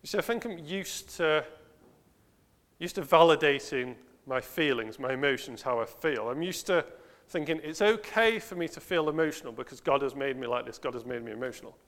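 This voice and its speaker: A man's voice: fairly high pitch, lively intonation, a little fast, a bit bright. Man preaching in a reverberant hall. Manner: earnest, self-questioning, asks the listeners rhetorical questions. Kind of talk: sermon.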